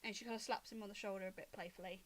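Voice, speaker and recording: A woman narrating as game master of a tabletop game, lively and laughing, with frequent ums. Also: medium pitch, rapid-fire.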